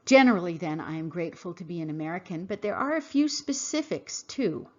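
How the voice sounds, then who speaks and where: A woman hosting a podcast, reading a scripted monologue in an earnest, emphatic, measured way. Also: lowish voice, animated, highs cut off. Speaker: podcast host. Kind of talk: scripted monologue read aloud.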